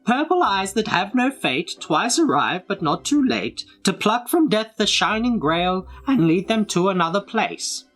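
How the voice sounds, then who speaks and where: A man reading a storybook aloud while voicing an excitable, earnest young male companion in a high, breathy put-on voice. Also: soft background music, heavily acted. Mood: reciting. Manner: chants the riddle slowly.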